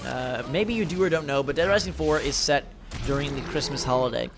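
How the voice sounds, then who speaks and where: A man's voice: a little high, a little fast, noisy background. A young man giving casual, enthusiastic gameplay commentary, rambling with fillers and sounding tired late at night. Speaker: gaming video host.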